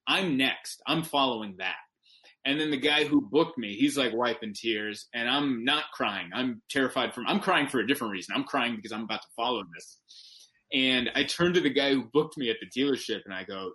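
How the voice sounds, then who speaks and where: A male comedian tells a story as a podcast guest, talking casually with an animated, emphatic delivery. His voice is bright and forceful at an ordinary male pitch, and he often corrects himself mid-sentence. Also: fairly quick.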